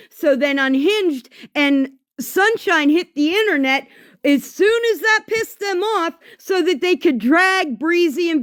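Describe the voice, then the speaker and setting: A woman on a livestream, ranting in a profane and exasperated way about a falling-out. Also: sits high. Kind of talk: angry livestream rant.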